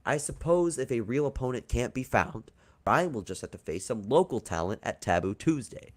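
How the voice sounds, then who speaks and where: A man's voice: mid-range voice, animated, moderate pace, close to an everyday voice. A man reading out a smug wrestling authority figure's on-screen message in a mock-polite tone.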